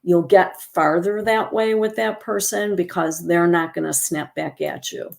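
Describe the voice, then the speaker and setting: Low, gravelly-voiced woman giving a talk. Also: unhurried. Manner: calm, instructive, models empathetic phrases. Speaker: presenter on caregiving. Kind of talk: educational presentation.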